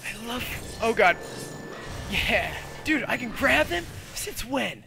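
A young man giving loud, goofy commentary while playing a video game, with sudden shouted outbursts. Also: very high-pitched, big pitch swings, slow, gravelly, music in the background. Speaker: let's play gamer. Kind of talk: energetic gameplay commentary.

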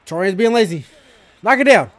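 A high-pitched man reacts to a basketball game as it happens. He calls out to players by name, cheers big plays and grumbles about poor defense, often with profanity. His voice is light and sits high for a man. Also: brisk. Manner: loud, excitable, shouting at players, profane. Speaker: sports reaction host. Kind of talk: live game reaction commentary.

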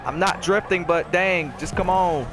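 Excitable young man with game noise. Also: high-pitched, a little slow. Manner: excitable, yelling when hyped, muttering when losing. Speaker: gaming YouTuber. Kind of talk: live gameplay commentary. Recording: game audio noise behind voice.

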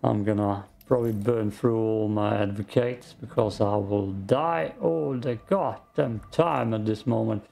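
Male game streamer, gravelly and unhurried, relaxed play-by-play. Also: on the low side. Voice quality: gravelly morning voice. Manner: slow, calm, thinks out loud. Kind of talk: casual gameplay commentary.

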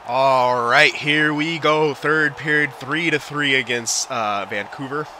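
A man giving casual, excitable commentary over his own hockey video game play, often swearing and laughing. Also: medium pitch, takes it slowly, a crowd in the background. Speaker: video game let's-player.

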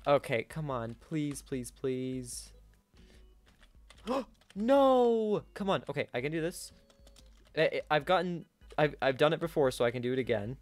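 A young man giving live gameplay commentary, swinging between yelling in frustration and quiet muttering to himself. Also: on the high side, lively intonation, normal speed, no room sound, soft background music. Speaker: gaming YouTuber.

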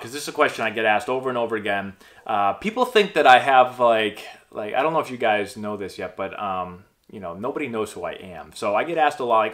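A man in his thirties, once a pro ballplayer and later a coach, rambles casually to his viewers in a vlog to camera. His voice is lowish and a bit bright, full of fillers and restarts.

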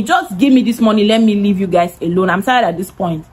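A young woman telling a lively storytime vlog, acting out the voices of the people in it. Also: mid-range voice, quick pace, hardly any pauses, a little hiss or hum, poor audio. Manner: animated, acts out quoted voices. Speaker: content creator.

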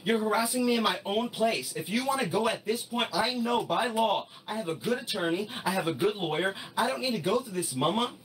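A man's voice: sits high, animated, a little fast, few pauses, a bit bright. A man arguing defiantly with his landlady during a live stream, repeating himself and refusing to back down. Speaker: livestreamer. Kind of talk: heated live-stream argument. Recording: distant mic with faint background noise.

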